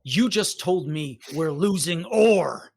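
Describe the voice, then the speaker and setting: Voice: mid-range voice, animated, slow pace, vocal fry, a little mellow, heavily acted. Game master doing a male station officer, tense, clipped, commanding, orders barked in short bursts, tabletop game. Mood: urgent.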